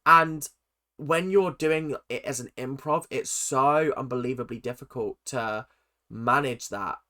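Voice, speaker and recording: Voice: mid-range voice, a little slow, bright, forceful tone. A reaction video host, ranting sarcastically through casual commentary on a TV show.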